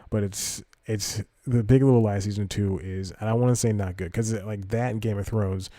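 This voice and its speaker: Speaking at normal speed with fairly even intonation, a low-voiced, mellow podcaster rambles about current events, corrects himself, and reads articles out loud. There's no room sound; the recording is dry and close.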